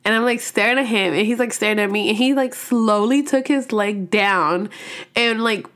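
A woman's voice: a little high, normal speed, a bit bright. A woman hosting a podcast, telling a personal story in a casual, rambling way, full of slang, swearing and "like" fillers. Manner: rambling, profane, heavy use of "like" fillers; slang-filled, laughs when nervous. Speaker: podcast host.

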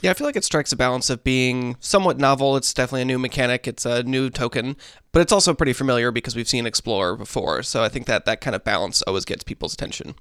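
A man co-hosting a podcast talks fast in casual chat, with brisk, upbeat remarks. He is close to the mic with a dry sound. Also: mid-range voice, a bit bright, clean tone, dry recording. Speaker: podcast co-host.

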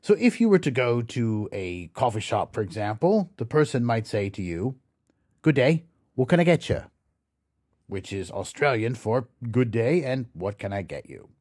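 A man hosting an educational podcast, reading a scripted explanation slowly and carefully and spelling words out letter by letter. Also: on the low side, sing-song, a little mellow, no echo, clean studio sound. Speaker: podcast host.

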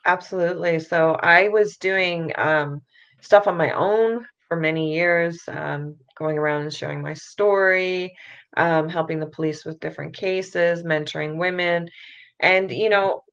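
A woman's voice: on the low side, measured pace, clean tone. A middle-aged woman, a mother, candidly telling her story as a podcast guest, open and self-critical, often saying "you know". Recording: dull lo-fi sound.

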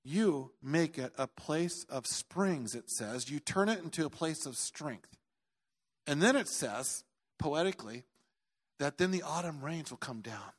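A middle-aged male pastor preaching, telling a story with loud outbursts and quiet earnest stretches, and joking now and then. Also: fairly high pitch, animated, measured pace, slightly rough. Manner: jokey asides. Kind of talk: sermon.

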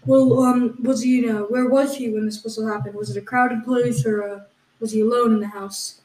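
A woman's voice: fairly high pitch, steady tone, normal speed, a little mellow. A woman co-hosting a comedy podcast, questioning her partner in mock exasperation, with plenty of fillers. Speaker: podcast co-host. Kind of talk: improvised comedy banter. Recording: echoey room.

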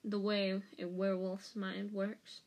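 Woman reading a spiteful male professor, silky, slow, hushed, menacing. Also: medium pitch, flat delivery.

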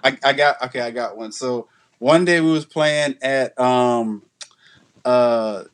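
A man's voice: medium pitch, smooth. Rambling Louisiana-accented man telling stories. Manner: rambling, halting storyteller with many restarts. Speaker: musician guest. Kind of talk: casual storytelling chat.

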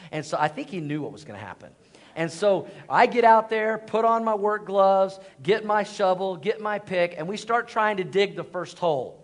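A man's voice: sits high, brisk. A man preaching a sermon as pastor, telling a humorous story about himself and calling on the congregation to respond. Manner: animated storytelling with self-deprecating humor.

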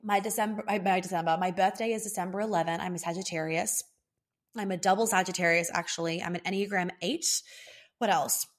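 A woman's voice: lowish voice, steady tone, fairly quick. A young woman with a fading Australian accent, tired and rambling as she chats casually to her viewers. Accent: Australian, fading toward American. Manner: rambling, chatty, trailing off and restarting. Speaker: vlogger. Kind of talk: casual chat to camera.

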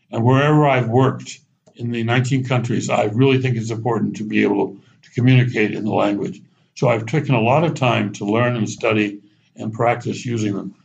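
A man, a guest on a conversational show, telling animated anecdotes with frequent restarts and chuckles. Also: medium pitch, gravelly, muffled recording. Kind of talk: conversational storytelling.

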